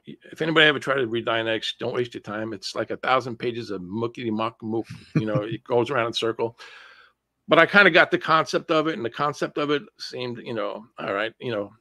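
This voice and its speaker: A man's voice: medium pitch, fairly quick, no room sound. Chatty man telling a story, dry sound. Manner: animated, chatty storyteller who restarts phrases often. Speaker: interview guest. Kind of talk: casual storytelling interview.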